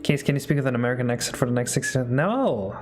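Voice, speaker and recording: A man streams live as he builds a game, trading jokes with his chat and reading their messages aloud. His voice sits at an ordinary pitch and his tone is casual. Faint music plays under his voice. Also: expressive, racing. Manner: joking banter, reading chat aloud between working remarks.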